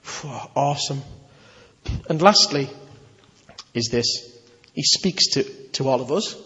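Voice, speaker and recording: A preacher delivering an animated, conversational sermon with emphatic questions to the congregation. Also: male voice, on the high side. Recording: echoey hall, slightly dull.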